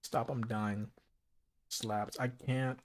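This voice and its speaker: Speaking slowly in a mid-range voice, this livestreamer eats and chats in slang during a relaxed just-chatting stream, recorded on a streaming mic with a noise gate and filters.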